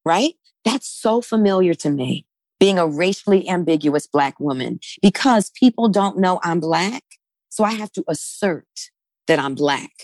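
A woman's voice: on the low side, expressive, unhurried, darkish tone, dry recording. A woman speaking as a guest in a conversational discussion, emphatic and often checking in with "right?".

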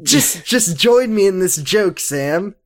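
Giggly man, lively up-and-down pitch. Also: takes it slowly. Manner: giggly, throws in silly bits and put-on voices. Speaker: podcast co-host. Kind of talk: casual comedic chat recapping a show.

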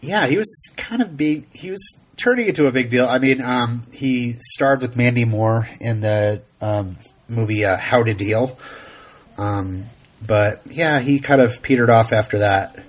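Male podcast co-host, husky, meandering and casual. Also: mid-range voice, unhurried. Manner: rambling, frequent ums and light laughs. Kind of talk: casual chat.

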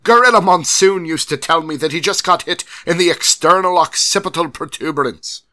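A man reading a listener's letter aloud in a put-on British accent that slips toward Irish, voicing a cheery male wrestling fan in a loud, bouncy, theatrical way. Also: fairly high pitch, fairly quick, voice pushed up. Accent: put-on British, drifting toward Irish.

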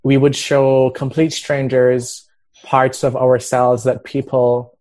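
Male podcast host, casual rambling banter, mid-pitched. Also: flat delivery, takes it slowly, darkish tone. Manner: chatty, rambling, teasing.

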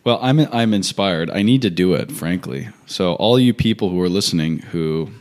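A man's voice: sits low, moderate pace. A man in his thirties, co-hosting a casual chat and telling stories with jokes. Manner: joking, animated storyteller. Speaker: co-host.

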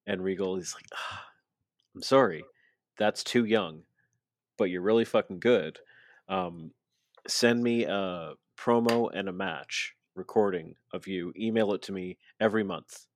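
Brief: low-voiced man, casual podcast recap, dry close mic. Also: a little slow, no echo. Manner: retells events, acting out quotes loosely. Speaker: podcast co-host. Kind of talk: casual wrestling recap chat.

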